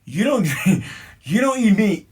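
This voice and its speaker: This man's voice is high and a bit rough, and he never hurries. Co-hosting a podcast, he spins slangy, animated stories in easygoing conversation, voicing each person he quotes on both sides of the exchange.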